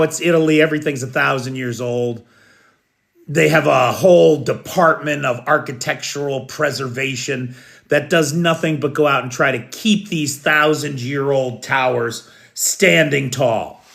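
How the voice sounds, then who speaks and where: A man's voice: fairly high pitch, gravelly, fairly bright tone. An American man hosting a live news show, talking casually, greeting viewers by name and commenting on the day's events. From United States.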